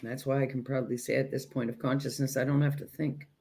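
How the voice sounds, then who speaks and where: Emphatic woman giving a slow spiritual talk. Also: very deep voice, level tone, dark tone. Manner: emphatic, addresses listeners as "you guys". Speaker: self-growth teacher. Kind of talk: direct spiritual self-help talk.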